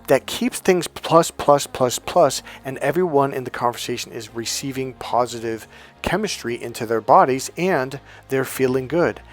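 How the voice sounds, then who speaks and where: A man's voice: mid-range voice, normal speed. A man giving an emphatic, repetitive motivational coaching talk. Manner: emphatic, repetitive, chanting mantras. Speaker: life coach.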